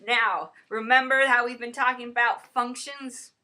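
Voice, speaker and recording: A woman's voice: fairly high pitch, fairly even intonation, unhurried, pushed and bright. A woman co-hosting a playful homemade math lesson skit, rambling and stumbling over the math terms as she explains.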